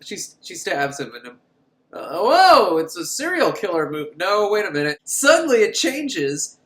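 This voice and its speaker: A man's voice: sits high, big pitch swings, measured pace, a bit bright. A man giving a rambling, comic movie recap, laughing often as he goes. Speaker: film reviewer. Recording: roomy room echo.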